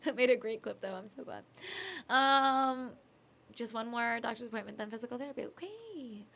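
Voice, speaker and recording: A woman's voice: on the high side, animated, normal speed, gravelly, fairly bright tone. Giggly, sleepy woman chatting on stream. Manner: chatty, giggly, reads chat aloud. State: sleepy, yawning. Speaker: music streamer. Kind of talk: casual live-stream chat between songs.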